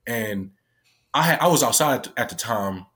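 A man with a voice of middle pitch tells a story from his job working with young people. His talk is loose and casual, full of fillers and swearing. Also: animated, measured pace, a bit bright. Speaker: youth worker.

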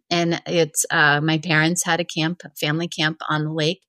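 A middle-aged woman from Vermont, a wellness coach telling a personal story in a chatty interview, full of "like" and animated retellings. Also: low voice, unhurried, dry recording. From Vermont, USA. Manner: chatty, heavy use of filler "like", animated retelling.

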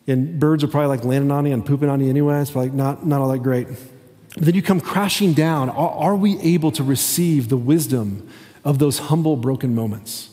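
A man giving a conversational sermon as a pastor, talking haltingly with many restarts. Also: fairly high pitch, mellow. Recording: long hall reverb.

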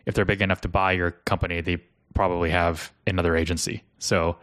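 A man's voice: sits low, little pitch movement, fairly quick, fairly bright tone, no echo, clean studio sound. A man hosting a podcast interview, talking in a casual, chatty way with fillers. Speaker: podcast host.

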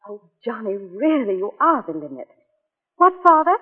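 An actress in a 1940s radio play voicing an earnest, emotional young wife who speaks from the heart. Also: female voice, on the high side, very animated, moderate pace, slightly rough. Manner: earnest, heartfelt, scolding tenderly. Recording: tinny old radio broadcast with reverb.

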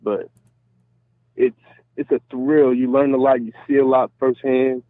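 A man's voice: mid-range voice, fairly even intonation, unhurried, no room sound. A man calling in to a casual talk show, rambling and saying "you know" constantly. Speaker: guest caller. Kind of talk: casual phone interview. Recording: tinny phone line.

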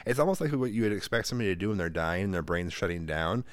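A man in his thirties tells stories on a podcast in a loose, rambling, animated way. His voice sits on the low side, and he pops up much higher when he quotes someone. The sound is dry and close to the mic. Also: rapid-fire, no room sound. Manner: rambling, animated storyteller who acts out quotes with a high voice. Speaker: podcast co-host. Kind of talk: casual chat.

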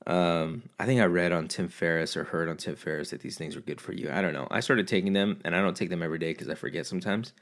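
A man casually vlogging from home, a profane, animated storyteller who rants about his day. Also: low-pitched. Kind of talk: casual rambling monologue.

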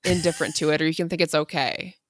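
A woman's voice: low-pitched, steady tone, quick pace, dry recording. A woman co-hosting a casual podcast, giggly, often stammering and trailing off mid-sentence. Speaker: podcast co-host. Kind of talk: casual chat.

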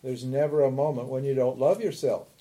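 A man giving a spiritual talk on scripture, who keeps asking his listeners rhetorical questions and tossing in a quick "huh?" while he chuckles. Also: medium pitch, fairly even intonation, mellow. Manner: chuckles often while explaining. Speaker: spiritual teacher.

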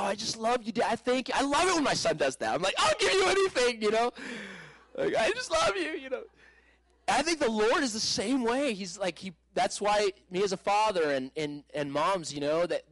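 A man in his thirties delivers a sermon testimony in a slightly high voice, recorded close and dry with no room sound. He tells his story with animated energy, breaking into shouts and laughs. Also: no echo, rough recording. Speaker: preacher.

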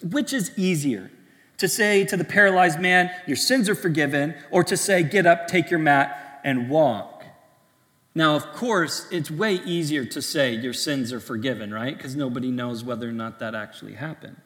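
A man preaching a sermon to young adults, in a conversational style full of restarts and lively asides. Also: on the high side, moderate pace, big-room sound.

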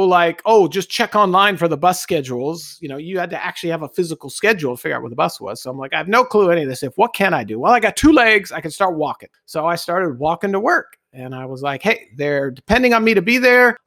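A middle-aged man, a guest, telling a personal anecdote in a casual, animated way and acting out the voices he quotes. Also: on the high side, no room sound, clean studio sound. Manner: animated storyteller who acts out quoted voices.

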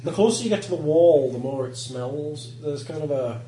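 A man as game master, describing scenes to his players in a halting, lively way with pauses and restarts. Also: on the high side, music in the background. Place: room with players around a table. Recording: roomy recording from a distant mic with background noise.

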